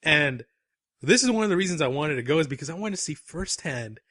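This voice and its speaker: A young man co-hosts a podcast, telling a story in a casual, animated way and breaking into laughter along the way. His voice sits a little higher than most men's. It is recorded dry and close, with no room sound. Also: fairly quick, dry recording. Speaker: podcast co-host.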